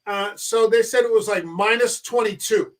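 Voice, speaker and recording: A man whose voice sits high, at a moderate pace, hosts a casual film podcast. He tells stories animatedly and swears freely.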